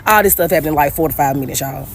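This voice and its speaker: A young woman tells her own story directly to her viewers, chatting casually. Her voice sits a little low. A faint noise hums behind her. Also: very fast, gravelly. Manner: animated and conversational, often addressing listeners as "y'all", many "like" fillers. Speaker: storyteller sharing a personal story.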